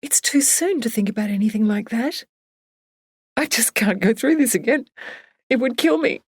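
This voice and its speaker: A woman's voice: animated, breathy edge, dry recording, studio quality. A woman doing a sobbing grief-stricken friend. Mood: grieving. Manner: high, trembling, slow sobbing delivery. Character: grieving woman friend, tearful and raw.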